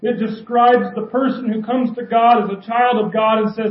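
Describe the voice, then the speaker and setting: A pastor with a high voice for a man delivers a sermon and keeps turning rhetorical questions on his listeners. His words ring around a reverberant church. The sound is slightly muffled and dull. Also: fairly even intonation, normal speed, few pauses. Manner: asks the congregation many rhetorical questions.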